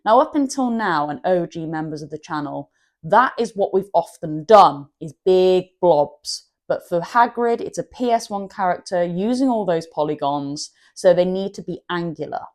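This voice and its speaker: A woman talks viewers through a colouring tutorial in a chatty, self-deprecating way. Her voice sits a touch lower than most women's. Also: lively intonation, moderate pace. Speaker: art channel host.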